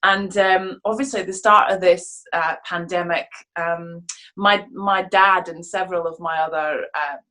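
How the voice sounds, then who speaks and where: A woman from Scotland with a softened Scottish accent, chatting casually as an interview guest over a video call, laughing often and restarting her sentences. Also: lowish voice, steady tone, a little slow. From Scotland (Fife). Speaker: interview guest, stage actress.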